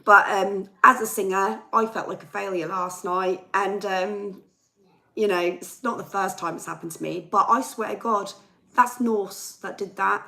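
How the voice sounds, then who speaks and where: This young woman's medium-pitched voice sounds pushed and bright, yet chesty and worn, on a rough recording. A livestream host and singer, she rants in a chatty casual live chat and reads viewer comments aloud.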